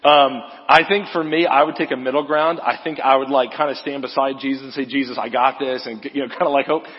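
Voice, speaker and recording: A man's voice: medium pitch, steady tone, quick pace, slightly rough. A man giving a casual, joking sermon as a guest preacher, talking in a loose, conversational way. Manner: casual, joking, uses "like" often. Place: church sanctuary. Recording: echoey hall, slightly dull sound.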